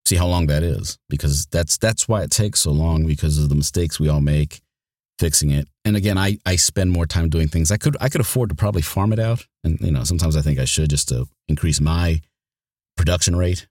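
A man's voice: extremely low pitch, fairly quick, a little mellow, dry recording, clean studio sound. A man who narrates audiobooks, talking casually in an interview, rambling and restarting his sentences often. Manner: rambling, with many restarts and repeated words.

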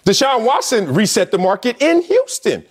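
A former pro football player co-hosting a sports debate show, talking emphatically and playfully. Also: male voice, big pitch swings, moderate pace, husky. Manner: emphatic, swooping pitch, playful.

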